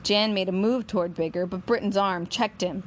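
A woman's voice: medium pitch, steady tone, normal speed, a little hiss or hum. Woman narrating a novel aloud.

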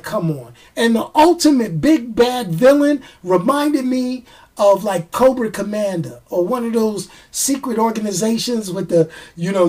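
A man's voice: high-pitched, a little mellow. A man giving a casual, jokey movie review. He acts out the fight scenes with his own sound effects.

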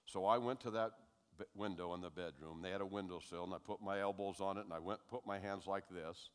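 A man's voice: sits low, fairly quick, smooth. Older male preacher in reverberant hall. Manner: conversational storyteller who grows loud and animated. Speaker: preacher giving testimony. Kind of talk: sermon storytelling. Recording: long reverb of a large hall.

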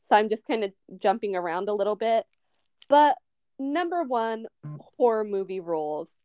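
A woman's voice: medium pitch, big pitch swings, moderate pace, dark tone, clear, resonant tone, no echo. A woman co-hosting a podcast, casually recapping a horror movie scene by scene with lots of "um" and "like". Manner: recaps scenes at length with many fillers. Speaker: podcast co-host. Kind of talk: casual movie review chat.

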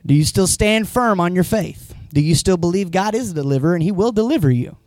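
A man's voice: high voice, expressive, fast talker, darkish tone, no echo. A man preaching a conversational sermon as a pastor in a church, retelling scenes with voices and rising to emphatic points. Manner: rises to emphatic, raised-voice points.

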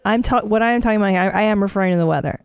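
A woman's voice: mid-range voice, very fast, clear, resonant tone, dry recording. A woman co-hosting a podcast, chatting casually, teasing and laughing easily. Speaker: podcast co-host. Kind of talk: casual chat.

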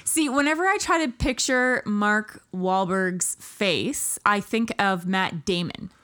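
Animated laughing woman podcast host. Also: medium pitch, slow, smooth. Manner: laughs often, animated and confused. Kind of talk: casual chat.

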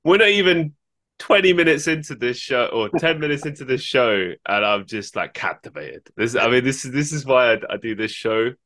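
A man's voice: medium pitch, lively intonation, moderate pace, pushed and bright. A man hosting a podcast, exclaiming and laughing as he chats with his guest. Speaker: podcast host. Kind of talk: casual interview chat.

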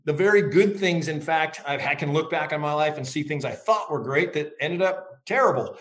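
A middle-aged man being interviewed as an author. He speaks in a reflective, measured way and tells stories. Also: on the high side, fairly bright tone. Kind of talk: interview conversation.

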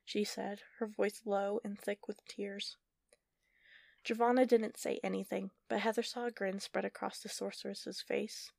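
A woman narrating a fantasy story in a steady, measured audiobook style. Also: mid-range voice, vocal fry, dry recording, clean studio sound.

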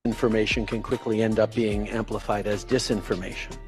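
Male politician in archival clip, formal measured speech, faint music behind. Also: fairly low pitch, little pitch movement, darkish tone. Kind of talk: public speech.

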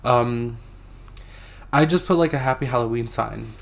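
A young man co-hosting a podcast in casual chat, crude and joking, breaking into loud laughter. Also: medium pitch, normal speed, gravelly. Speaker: podcast co-host.

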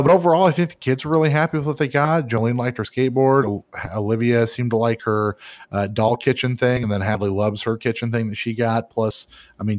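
A man co-hosting a relaxed podcast, trading loose banter full of jokes and swearing. His voice sits at an ordinary middle pitch, and he laughs easily between stories. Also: no echo. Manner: profane, joking, laughs often. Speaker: podcast co-host.

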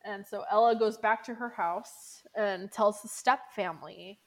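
Woman, podcast co-host, relaxed chat, mid pitch, rambles through scene recaps. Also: unhurried. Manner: thinks aloud, retells scenes with filler words and small restarts. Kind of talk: casual chat.

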